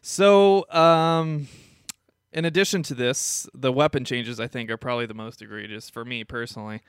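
Male podcast co-host, casual and halting, smooth clear voice with a dry close sound. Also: medium pitch, dry recording. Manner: relaxed, hesitant, lots of fillers and chuckles. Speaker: podcast co-host presenting news. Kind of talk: casual chat.

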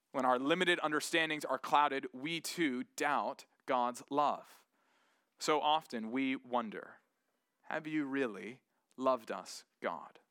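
A man's voice: medium pitch, bright, forceful tone, clean tone, no echo, studio quality. A man preaching a sermon earnestly and animatedly, acting out the voices of doubters as he goes.

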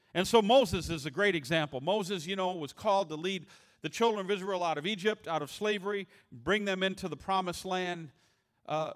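A man's voice: high-pitched, a bit bright. A man preaching a sermon in a conversational, humorous way, often restarting his words. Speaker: pastor.

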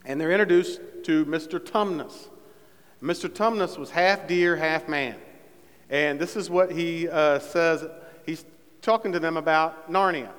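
A man's voice: on the high side, a bit bright, smooth. A man preaching a sermon as pastor, talking casually with fillers and building to fervent emphasis. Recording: long reverb in a church hall.

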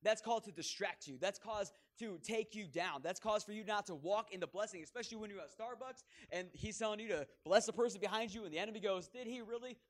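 Male pastor, lively, jokey, fairly high voice. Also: fast talker, few pauses. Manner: joking, self-mocking, lively. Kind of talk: sermon.

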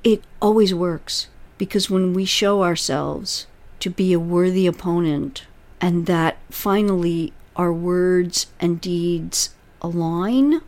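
A woman's voice: on the low side, darkish tone. A woman hosting as a relationship coach, advising a listener emphatically and explaining through analogies.

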